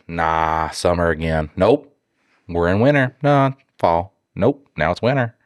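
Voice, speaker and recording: Man, stuffy nose, deep voice, sarcastic, reads letters aloud, casual podcast, close dry mic. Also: normal speed, no echo. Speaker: podcast co-host.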